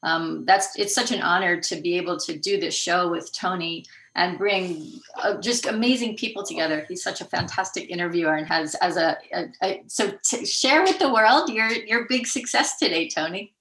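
A woman co-hosting an interview over a video call, effusive and full of ums. Her voice is low-pitched and very bright. It bounces around an echoey room. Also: moderate pace. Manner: effusive and meandering, full of fillers. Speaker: co-host, publisher. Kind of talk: interview on an online radio show.

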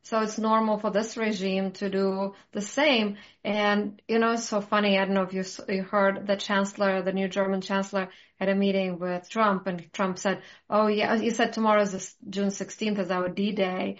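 A woman's voice: medium pitch, flat delivery, normal speed, hardly any pauses. A woman hosting a casual talk, ranting passionately with strong conviction. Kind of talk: casual conversation. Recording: muffled lo-fi audio.

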